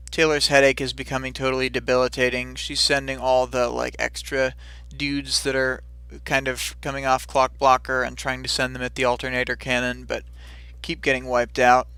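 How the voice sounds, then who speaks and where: A man's voice: mid-range voice, completely flat delivery, normal speed, bright, forceful tone, smooth, dry recording. A man casually recapping a story chapter on a livestream, rambling with many fillers and brief silly voices for the characters. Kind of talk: casual recap of a fight scene.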